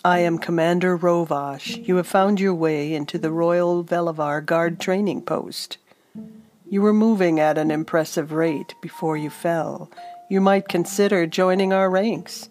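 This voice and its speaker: A woman's voice: on the low side, fairly even intonation, unhurried, darkish tone, faint music behind, close to an everyday voice. A woman voicing a stern, impatient male guard commander who speaks curtly and commandingly. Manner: curt, commanding.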